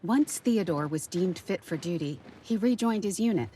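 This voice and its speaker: A woman narrating as a granddaughter, telling her grandmother's wartime story in a calm, measured way. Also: fairly low pitch, husky. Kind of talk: scripted documentary narration.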